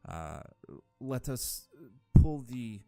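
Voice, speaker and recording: A man's voice: mid-range voice, very animated, extremely slow, creaky, dark tone, no echo, soft background music, voice pushed up, heavily acted. A man voicing a friendly, polite male caravan leader in a tabletop game, speaking formally with small hesitations. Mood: courteous.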